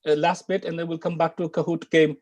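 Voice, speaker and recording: A man from the United Kingdom with a British English accent teaches an online Arabic and Quran lesson at a quick pace. His voice is on the high side and darkish, with little pitch movement, and he stresses key words and repeats phrases for his learners.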